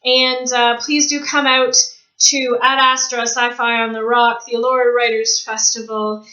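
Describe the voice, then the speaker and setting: A woman's voice: a little high, level tone, measured pace, bright, forceful tone, muffled recording. A woman from Canada with a Canadian accent, chatting casually on her vlog, self-mocking and laughing often, switching between English, French and Japanese. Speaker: vlogger.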